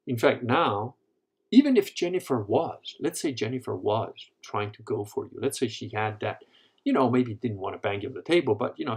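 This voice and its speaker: A man's voice: medium pitch, husky. A man hosting a live Q&A, telling crude, rambling stories with lots of profanity. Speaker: host answering live questions. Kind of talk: live Q&A talk.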